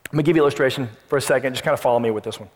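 A man preaching a sermon as pastor, emphatic, repeating key phrases and dropping to a soft voice to make a point. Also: medium pitch, racing, in a large hall.

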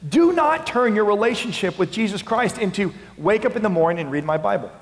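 A male pastor preaching a sermon, dropping to a hush and then rising to passionate shouting. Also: sits high, very animated, fast, hardly any pauses. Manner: swings from hushed to impassioned shouting. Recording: long hall reverb.

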